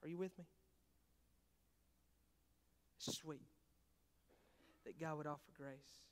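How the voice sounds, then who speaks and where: A man preaching a sermon as pastor. He swings between hushed, intimate talk and loud, fervent preaching, and calls out questions to the congregation. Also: on the high side, little pitch movement, moderate pace. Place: church sanctuary. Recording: long reverb of a large hall.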